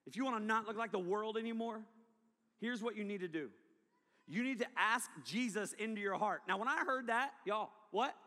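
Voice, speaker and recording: High bright preacher in a hall. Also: male voice, a little fast. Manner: animated storytelling, acting out past self. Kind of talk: testimony sermon. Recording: long hall reverb.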